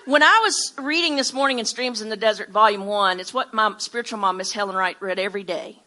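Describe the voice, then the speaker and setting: A woman's voice: mid-range voice, fairly quick, sharp tone. A woman from Alabama with a Southern accent, teaching an informal sermon in a folksy way, often repeating words and restarting her sentences. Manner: storytelling with acted-out quotes. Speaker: Bible teacher.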